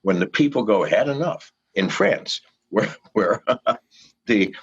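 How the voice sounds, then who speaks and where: Older male guest, gravelly and husky, swooping pitch, profane firebrand, lo-fi sound. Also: expressive, slow pace. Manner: profane, fiery, pleading with listeners. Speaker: interview guest. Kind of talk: impassioned rant in an interview. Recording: dull lo-fi recording.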